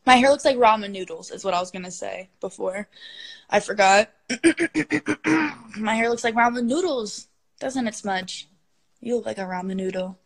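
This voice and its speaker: A woman's voice: mid-range voice, moderate pace, long pauses. A young woman hosting a casual phone livestream, gushing and affectionate with her callers and her pet. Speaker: livestream host.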